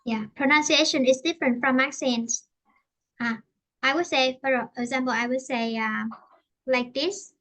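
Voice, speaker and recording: High, bright Vietnamese woman teaching English. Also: fairly even intonation. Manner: halting, repeats and rephrases often. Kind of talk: online English lesson.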